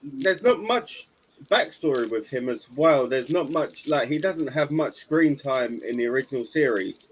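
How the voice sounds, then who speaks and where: A man's voice: mid-range voice, animated, normal speed, husky, low-quality recording. Chatty man co-hosting a podcast. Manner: chatty, hesitant with fillers, laughs at jokes. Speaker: podcast co-host. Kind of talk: casual podcast chat.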